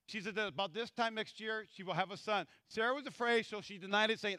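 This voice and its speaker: High, bright-voiced preaching pastor. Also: male voice, fast, hardly any pauses, no room sound. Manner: animated, acts out scripture voices. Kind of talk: sermon.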